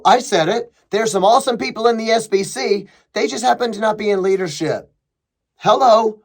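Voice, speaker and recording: Male podcast host with a high voice, opinionated and sarcastic commentary. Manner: emphatic, sarcastic, mocking impressions of opponents. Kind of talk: opinionated commentary reading a thread.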